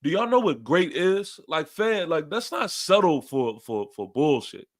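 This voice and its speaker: A man's voice: a little high, big pitch swings, measured pace. A young man with a New York accent hosting a fan podcast, ranting after a loss, emphatic and repeating his phrases. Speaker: podcast host. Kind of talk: fan post-game rant.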